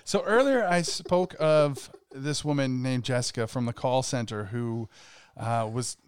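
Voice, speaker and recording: A young man co-hosting a podcast, telling a story in casual chat, halting and quick to laugh. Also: medium pitch, smooth, no echo, studio quality. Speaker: podcast co-host.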